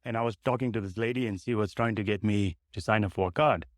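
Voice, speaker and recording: A man at a training seminar tells the trainer about a recent conversation, hesitant and filling pauses with "um". His voice sits low, and the sound is dry and close. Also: no echo. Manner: hesitant, with soft fillers.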